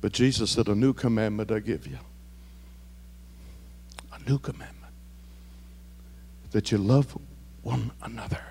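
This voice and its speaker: A male pastor preaching a sermon, dropping to near whispers and building to shouted, repeated refrains. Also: on the low side, fairly even intonation, a little slow, pauses often, husky, long reverb tail. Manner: swings from hushed to shouted, repetitive preaching cadence.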